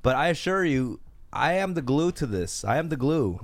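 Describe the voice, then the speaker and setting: A man's voice: on the high side, big pitch swings, normal speed. A man hosting a casual podcast, joking and loose, swearing freely as he takes calls. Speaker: host.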